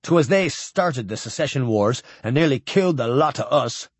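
A man reading an audiobook, voicing a gruff, bitter male officer. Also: mid-range voice, animated, moderate pace, no room sound. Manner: gruff, spitting words.

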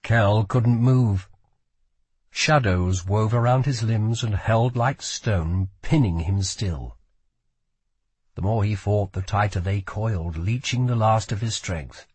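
A man narrating a fantasy audiobook with slow, expressive storytelling. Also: fairly low pitch, breathy edge, no echo. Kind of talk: scripted narration.

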